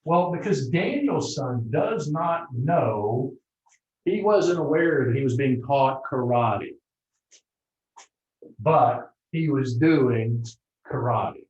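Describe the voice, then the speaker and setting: A man giving a motivational seminar talk to a live group, animated and often checking in with the audience. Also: medium pitch, slow. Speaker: motivational speaker. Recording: roomy, dull lo-fi room recording.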